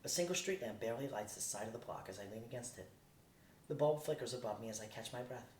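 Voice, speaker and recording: A man reading a novel aloud in a steady, plain way. He sits at some distance from the mic in a roomy space, with a faint rumble behind him. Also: fast talker. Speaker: audiobook reader.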